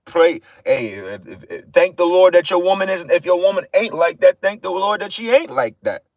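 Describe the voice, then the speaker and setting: Man, fairly high voice, blunt and profane, exhorting in an informal livestream sermon, dry sound. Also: big pitch swings, normal speed, dry recording. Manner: repeats phrases for emphasis. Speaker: livestream preacher.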